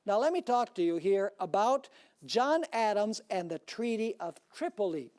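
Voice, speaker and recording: A man's voice: high-pitched, lively intonation, moderate pace, a little mellow. Male pastor preaching hard, lots of "are you with me" style questions to the crowd. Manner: emphatic preaching with rhetorical questions to the audience. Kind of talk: sermon.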